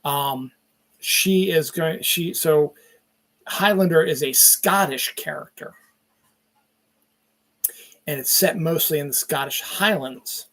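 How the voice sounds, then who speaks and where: A man's voice: on the high side, slow, pauses often, a bit bright, dry recording. A middle-aged man hosting a casual solo podcast, rambling through entertainment news with frequent swearing and lost trains of thought. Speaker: podcast host.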